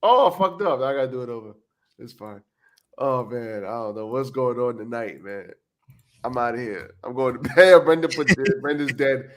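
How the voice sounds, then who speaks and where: A man co-hosting a late-night podcast stream in a tired, rambling way. He jokes at his own expense, swears a lot and lets his sentences trail off. His voice sits at an everyday middle pitch. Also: normal speed. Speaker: podcast co-host. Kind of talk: casual livestream podcast chat.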